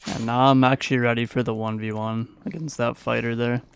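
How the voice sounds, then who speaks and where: Gravelly man narrating gameplay. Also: mid-range voice, flat delivery, a little fast, slight background noise. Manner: casual, playful play-by-play recap. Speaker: gaming YouTuber. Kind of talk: gameplay commentary voice-over.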